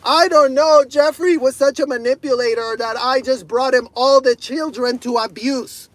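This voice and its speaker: A man's voice: very high voice, steady tone, moderate pace, no echo. A man mocking a woman who lamely excuses her own crimes in a whiny voice.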